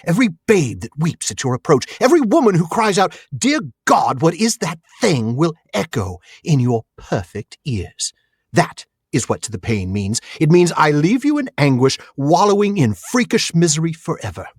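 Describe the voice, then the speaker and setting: A young masked swordsman, as a man puts him on delivers slow, drawn-out threats in a raised, slightly husky voice. He swings his pitch widely as he speaks, cool and menacing, like a scene lifted from a film. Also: very animated, dry recording, studio quality, heavily acted.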